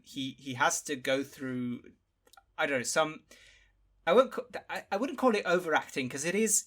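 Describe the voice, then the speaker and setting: A man on a film podcast talking in a casual way, halting often with fillers and restarts. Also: medium pitch, creaky, bright, forceful tone. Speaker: podcast panelist.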